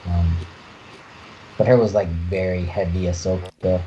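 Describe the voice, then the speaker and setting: Hesitant and full of fillers and restarts, this thirty-something podcast co-host talks casually. He has a low-pitched, dark voice with a flat delivery, heard through muffled lo-fi audio with faint noise.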